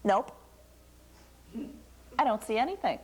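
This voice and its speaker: A woman voicing a quiet, shy little female bush deer in a told folktale, calm and dryly unimpressed. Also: fairly high pitch, takes it slowly. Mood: deadpan.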